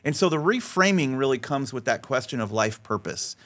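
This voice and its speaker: This man talks like a storyteller on a podcast. He often restarts and repeats words, and his voice jumps up high when he acts out what other people said. His pitch sits in the middle range for a man. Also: a little fast. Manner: animated storyteller, voice rising high when acting out quotes. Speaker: faith-based life coach and podcast guest.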